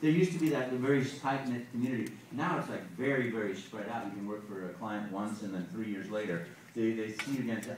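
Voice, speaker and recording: A man answering fan questions at a panel, animated, with many "you know"s and hummed tunes. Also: lowish voice, brisk, slight background noise. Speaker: guest voice actor at a fan panel. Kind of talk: casual Q&A with an audience. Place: large convention hall. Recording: echoey hall recorded from far off.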